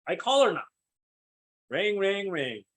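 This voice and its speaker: A man leading a live sales coaching session, energetic and checking in with his listeners as he acts out sample calls. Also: high-pitched, slow. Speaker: sales team trainer.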